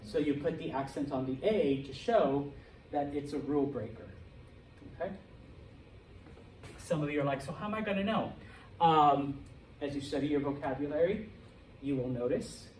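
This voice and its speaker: A man's voice: a little high, darkish tone. A middle-aged man teaching a Spanish class, lecturing and checking in with "okay?" after nearly every point. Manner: checks in with "okay?" and "all right?" often. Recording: echoey classroom, from far off, faint noise.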